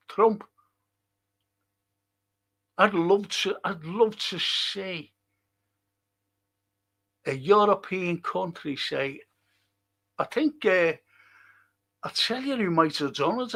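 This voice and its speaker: A man's voice: high-pitched, vocal fry, pushed and bright. A man, older, hosting a podcast in casual rambling talk and chuckling through his stories. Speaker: podcast host.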